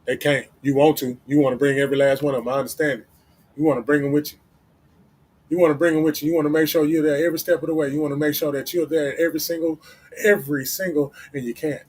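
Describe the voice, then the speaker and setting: A man's voice: a little high, level tone, quick pace, darkish tone, slightly rough. A man hosting a livestream, giving casual motivational talk in a blunt, profane, repetitive way. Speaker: livestream host.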